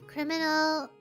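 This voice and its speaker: A very high, bright voice belongs to a woman streamer who gushes and squeals with excitement in casual livestream chat. She takes her time between words. Soft music plays faintly behind her.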